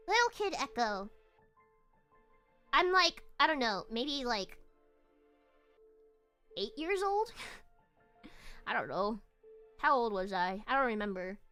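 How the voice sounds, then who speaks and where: A woman's voice: high-pitched, pushed and bright. A young woman streamer telling a casual story while drawing, giggling often and restarting her phrases. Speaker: virtual streamer.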